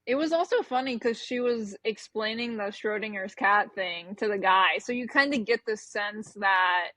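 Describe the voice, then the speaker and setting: A woman's voice: medium pitch, moderate pace, pushed and bright, dry recording, rough recording. A woman co-hosting a casual chat about a TV episode, giggling and chatty. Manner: chatty, giggly, many "like" fillers. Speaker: podcast co-host.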